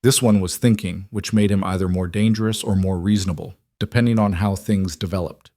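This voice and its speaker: A man reading a scripted dramatic story in a measured, even delivery. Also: low voice, no room sound, studio quality.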